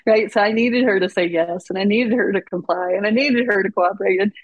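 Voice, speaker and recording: Husky-voiced woman telling parenting stories. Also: medium pitch, fairly quick, no room sound. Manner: animated, acts out dialogue in her stories. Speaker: parent coach and psychotherapist guest. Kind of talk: conversational podcast storytelling. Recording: slightly dull, muffled audio.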